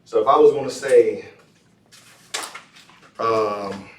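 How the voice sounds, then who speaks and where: A man's voice: fairly low pitch, slow pace, a little hiss or hum. A man teaching a classroom language lesson, repeating words and often checking in with "all right?". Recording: echoey room, far from mic.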